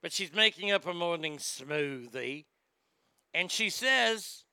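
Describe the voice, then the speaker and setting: A man's voice: high-pitched, lively intonation, slow, bright, forceful tone, clean tone, dry recording, clean studio sound. A man hosting a comedic rant, profane, mocking and rambling.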